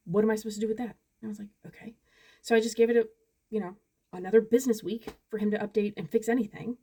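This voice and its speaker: A mother in her forties ranting casually to the camera, exasperated and retelling conversations in quick bursts. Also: on the high side, a little mellow. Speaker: parent vlogger. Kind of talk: frustrated casual rant to camera.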